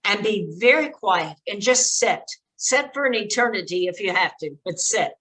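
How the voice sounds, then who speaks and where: A woman's voice: mid-range voice, expressive, normal speed, fairly bright tone, rough recording. An older woman giving earnest, direct advice to parents in a presentation, with frequent fillers. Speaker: speaker on child exploitation prevention.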